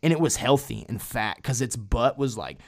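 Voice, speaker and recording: A young man telling a story on a podcast in a casual, animated way, full of swearing and slang like "bro" and "dude". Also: mid-range voice, normal speed, creaky. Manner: animated, profane, slangy, drifts into acted-out quotes.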